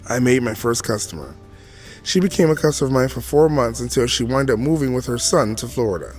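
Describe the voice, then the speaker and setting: A man's voice: mid-range voice, darkish tone. A man in his forties telling his own story as a podcast host, chatty and full of asides to the listener. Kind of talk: storytelling monologue.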